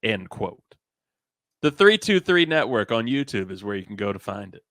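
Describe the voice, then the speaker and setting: A man's voice: on the low side, big pitch swings, a little fast, vocal fry, a bit bright, no room sound, studio quality. A young man hosting a sports variety show, chatting casually in a rambling, self-amused way. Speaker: host.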